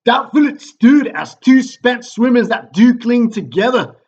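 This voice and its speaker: A man voicing a wounded, bleeding Scottish army captain, declaiming loudly in a put-on Scottish accent. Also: very high voice, animated, unhurried, slightly rough, highs cut off, voice pushed up, exaggerated voice. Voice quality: loud and strained, declaiming.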